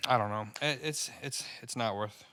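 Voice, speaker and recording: The speaker is a young stand-up comic co-hosting a podcast, with a medium-pitched, pushed, bright voice. He chats casually and profanely, rambling about stand-up and getting worked up fast.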